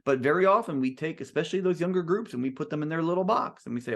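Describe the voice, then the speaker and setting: A man's voice: fairly high pitch, lively intonation, quick pace. Earnest man teaching a band clinic. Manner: earnest and emphatic, with frequent restarts. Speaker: composer leading a band clinic. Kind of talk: educational talk to musicians.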